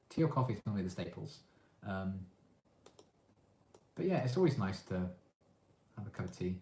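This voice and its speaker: A young man with an English accent, casually answering chat questions on his livestream in a relaxed, hesitant way with lots of ums. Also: fairly low pitch, fairly quick, pauses often. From England. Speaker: livestream host. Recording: echoey room.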